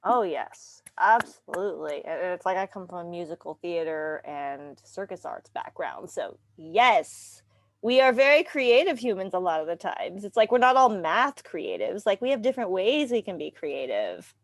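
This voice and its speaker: Woman on a video call, kinda low voice, dry close sound, chatty, laughs a lot. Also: big pitch swings, moderate pace, dry recording. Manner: candid, laughs often, trails off softly. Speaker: roundtable participant. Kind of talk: casual group video call.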